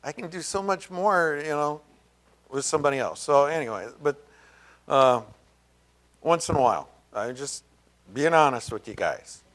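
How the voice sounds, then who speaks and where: A man preaching a sermon as pastor, conversational and rambling, full of fillers and asides, and raising his pitch to act out quoted voices. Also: animated, normal speed, pauses often, a bit bright.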